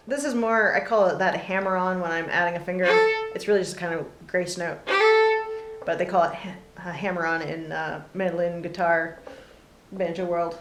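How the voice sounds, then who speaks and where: A woman teaching a casual fiddle lesson, relaxed and chatty with many pauses and fillers between playing. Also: on the low side, loud music behind the voice. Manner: relaxed, lots of ums, talks between demonstrations. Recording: roomy with loud fiddle playing.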